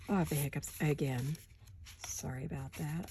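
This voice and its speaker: A woman with a gravelly, fry-edged voice chats her way through a craft project at her home desk, thinking out loud and slipping into quiet muttered asides. Steady background noise runs under the home recording. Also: fairly low pitch, brisk. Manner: thinks aloud while working, drifts into soft muttered asides. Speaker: crafting channel host. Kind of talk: casual craft-along chat.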